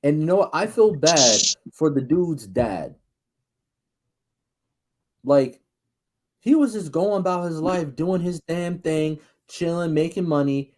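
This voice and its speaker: An excitable man co-hosting a movie podcast in casual chat. His pitch leaps and dips all over the place as he acts out scenes and swears freely. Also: slow, long pauses. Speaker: podcast co-host.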